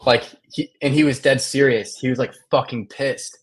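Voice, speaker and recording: Rambling mid-pitched man telling stories. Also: fairly even intonation, moderate pace, breathy edge. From Illinois. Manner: rambling storyteller, dry jokes, many fillers. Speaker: stream guest. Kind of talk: casual live-stream chat.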